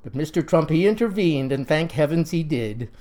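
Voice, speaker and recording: Folksy deadpan Southern storyteller man. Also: on the high side, normal speed. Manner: folksy, deadpan, mock-solemn. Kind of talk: comic folksy narration.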